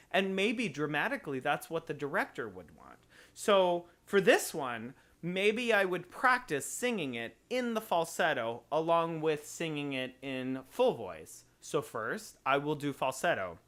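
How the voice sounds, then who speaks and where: A man teaching voice, slowly explaining notes and phrasing in a lesson. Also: a little high, a bit bright. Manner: explains slowly, sings short examples.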